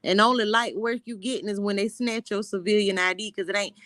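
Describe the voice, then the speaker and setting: A woman's voice: mid-range voice, fairly even intonation, brisk, fairly bright tone, dry recording, studio quality. A woman from Florida chatting casually on a live stream, blunt and joking in a laid-back way.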